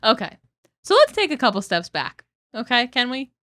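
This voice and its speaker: A woman's voice: a little high, huge pitch swings, moderate pace, sharp tone, no room sound, studio quality. A young woman co-hosting a comedy podcast, teasing and laughing as she talks, swearing casually. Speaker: podcast co-host.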